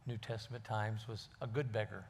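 A man's voice: lowish voice, little pitch movement, fairly quick, slightly rough. A man preaching a sermon and telling a story in a folksy way, with fillers.

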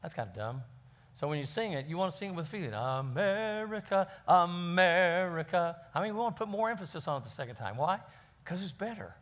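A man's voice: a little high, sing-song, rapid-fire, slightly rough. Folksy man preaching a sermon. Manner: folksy, repeats words while finding his phrasing. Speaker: pastor. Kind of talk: conversational sermon.

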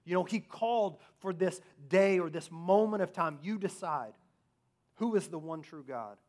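A man preaching a sermon, asking rhetorical questions and swinging between loud emphasis and hushed asides. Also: fairly high pitch, lively intonation, a little slow.

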